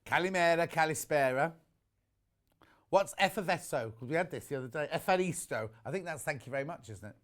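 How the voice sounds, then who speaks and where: Speaking a little fast, this middle-aged UK presenter has a fairly high, animated, slightly bright voice. He shows off fabric bundles on live shopping TV in a rambling, joke-filled way, from a warm studio with open shutter doors.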